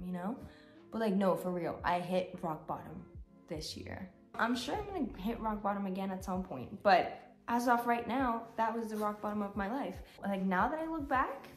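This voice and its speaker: A woman vlogger giving a candid, rambling personal update, often saying "like", at times tearful. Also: medium pitch. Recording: roomy echo, faint music.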